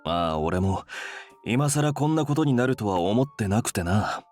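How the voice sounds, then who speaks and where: A man's voice: lowish voice, animated, fast, a little mellow, soft background music, lightly acted. An actor playing a brusque, teasing older male office director in a game. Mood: gruff, teasing. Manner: brusque, teasing, rough speech. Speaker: game character.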